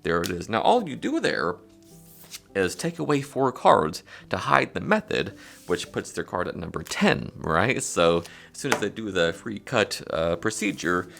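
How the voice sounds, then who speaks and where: A man talks through a card trick tutorial in a loose, casual way and counts the cards out loud. His voice sits very low and has a rough, fry-heavy edge. His pitch still rises and falls a lot as he explains. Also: unhurried. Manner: relaxed, frequent "uh" fillers, counts cards aloud. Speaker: magic tutorial presenter.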